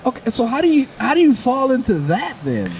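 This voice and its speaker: A male stand-up comedian guest chatting casually on a podcast, lively and quick to laugh, often acting out his own thoughts and restarting his sentences. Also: very high voice, a little hiss or hum. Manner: rambling with frequent restarts.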